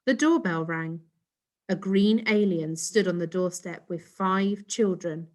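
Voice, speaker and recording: A woman reads a children's storybook aloud in an expressive voice. She stops now and then to ask her young listeners questions. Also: fairly low pitch, takes it slowly.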